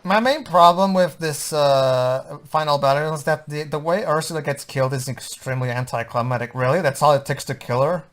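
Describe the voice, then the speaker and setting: A man's voice: on the high side, fairly quick, few pauses, a bit bright. A man co-hosting a casual movie commentary, rambling along with lots of stammered restarts. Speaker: podcast co-host.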